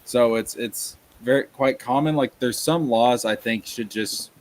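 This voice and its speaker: A man hosts a casual livestream, ranting about laws and reading viewer chat aloud. His pitch sits in an ordinary middle range and he talks in an animated way. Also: a little slow. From Tennessee, USA. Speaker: streamer.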